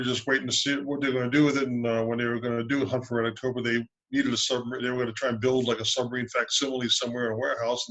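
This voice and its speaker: A man's voice: medium pitch, a bit bright, low-quality recording. A man in his sixties, a submarine veteran, telling good-humored anecdotes in a rambling way over a video call. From United States. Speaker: submarine veteran and loan officer. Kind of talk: casual storytelling interview.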